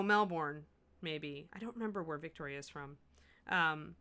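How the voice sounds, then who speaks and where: A woman's voice: lowish voice, clean tone. A middle-aged woman hosting a miniature painting livestream, chatting casually and thinking aloud as she works. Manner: chatty, thinks aloud, self-correcting and animated. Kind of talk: casual chat while painting, answering chat.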